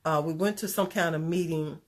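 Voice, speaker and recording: A woman with a slightly low voice tells a personal story in a relaxed, conversational way. She is animated and earnest and slips into preachy asides now and then. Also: fairly quick. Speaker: speaker sharing a personal story. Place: Chicago area.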